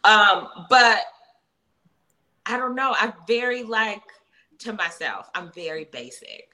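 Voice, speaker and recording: A woman's voice: medium pitch, lively intonation, slow pace, long pauses, bright, forceful tone, poor audio. A woman guest actress in a casual interview, chatty and self-deprecating, full of fillers and quoted asides.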